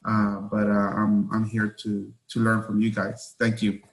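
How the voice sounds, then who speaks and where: A man new to a support meeting speaks haltingly, pausing often and filling the gaps. His voice is low and flat, with little rise and fall. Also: low-quality recording. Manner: hesitant, halting, many fillers. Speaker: newcomer at meeting.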